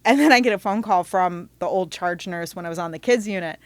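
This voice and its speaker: Woman guest, frank storyteller, lowish voice, dry close mic, animated delivery with quick restarts. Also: dry recording. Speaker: podcast guest. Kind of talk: candid storytelling in conversation.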